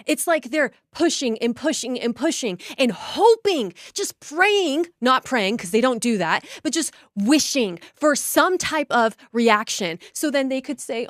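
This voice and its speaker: A woman's voice: high voice, lively intonation, a little slow, no echo, clean studio sound. A woman giving indignant, emphatic political reaction commentary.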